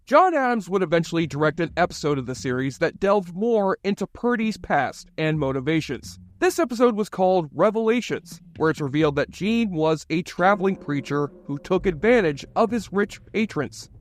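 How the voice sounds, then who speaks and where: A man reading a scripted video essay narration in an even, read-aloud way. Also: a little high.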